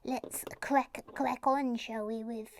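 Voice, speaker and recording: A woman plays a tiny, fussy toy lady who talks in a formal, slightly pompous way. Her voice sits a touch high and she takes her time. A faint hiss runs underneath. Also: steady tone, takes it slowly. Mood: chirpy. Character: small prim female toy figure, polite and fussy.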